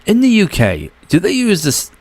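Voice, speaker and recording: A man's voice: high-pitched, huge pitch swings, moderate pace, darkish tone, husky. An American man giving casual reaction commentary, with joking, incredulous asides. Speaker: reaction video host.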